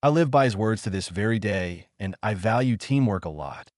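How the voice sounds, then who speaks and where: A man's voice: on the low side, expressive, moderate pace, a little mellow, dry recording, studio quality, lightly acted. A man voicing a jaded adult ninja teacher who growls and broods, in a storybook reading. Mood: solemn.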